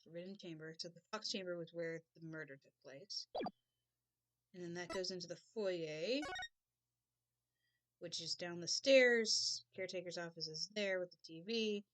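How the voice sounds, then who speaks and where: A woman's voice: on the low side, moderate pace. A woman playing a game and commenting casually, thinking aloud as she reads the screen. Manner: casual, thinking aloud while reading dialogue. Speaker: game player. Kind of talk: let's play commentary. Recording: game music playing underneath.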